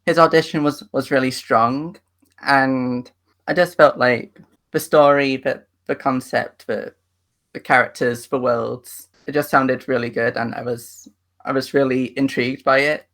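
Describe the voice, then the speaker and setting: A man's voice: medium pitch, steady tone, measured pace, fairly bright tone. A man giving casual interview answers in a hesitant way, often repeating his words. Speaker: interviewee and player.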